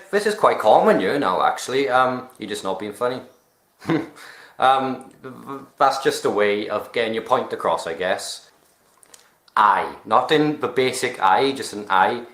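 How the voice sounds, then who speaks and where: A man's voice: medium pitch, animated, slow pace, fairly bright tone, reverberant. A young man from Wales with a Welsh accent, chatting casually about local slang, rambling, swearing and poking fun at himself. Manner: rambling, self-mocking, swears and laughs at himself. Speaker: vlogger.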